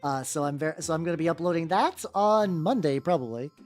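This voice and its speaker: Chatty woman streamer, animated lower voice. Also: brisk. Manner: chatty, swears freely, greets chat by name, laughs often. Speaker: VTuber streamer painting miniatures. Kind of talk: casual livestream chat. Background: soft background music.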